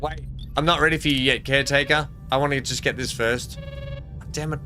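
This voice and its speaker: A man's voice: medium pitch, steady tone, a little fast, pushed and bright. An Australian man streaming a game live, chatting with viewers and reading the on-screen text aloud. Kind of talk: casual live gameplay commentary.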